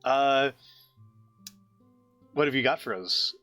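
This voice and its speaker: A man hosting a stream and chatting casually. He talks haltingly, with many fillers and repeated words. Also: mid-range voice, pushed and bright, soft background music. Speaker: streamer host.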